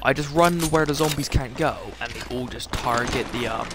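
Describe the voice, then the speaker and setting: A man's voice: mid-range voice, moderate pace. A man streaming a game, chatting casually and joking, often trailing off mid-sentence. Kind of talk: casual gaming chat. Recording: loud background noise.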